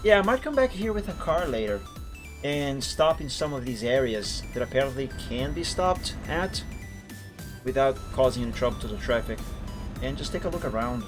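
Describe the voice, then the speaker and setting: Chatting casually while he plays a driving game on stream, a man speaks at a normal speed in an expressive, medium-pitched voice, with music running beneath. He rambles, fixes his words mid-sentence, and chuckles along the way.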